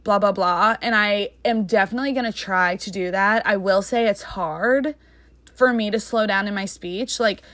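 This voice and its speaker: Fast-talking young woman podcaster, dry sound. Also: mid-range voice, fairly bright tone, no room sound. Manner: fast rambling talk with many fillers. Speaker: podcast host. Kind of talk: casual solo podcast chat.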